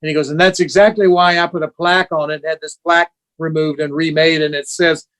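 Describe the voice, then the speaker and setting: A man in his sixties, a guest musician telling an animated story in an interview and acting out the voices of the people he quotes. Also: fairly high pitch, fairly quick.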